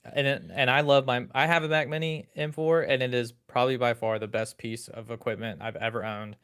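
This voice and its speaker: A man's voice: medium pitch, level tone, brisk, fairly bright tone, clear, resonant tone. Easygoing male podcast co-host. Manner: easygoing, searches for words, repeats himself. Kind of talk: casual tech chat.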